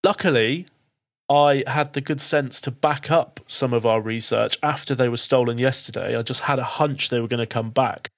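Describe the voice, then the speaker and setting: A man's voice: mid-range voice, moderate pace, lightly acted. A man voicing a shaken, tearful young woman researcher in a tabletop game.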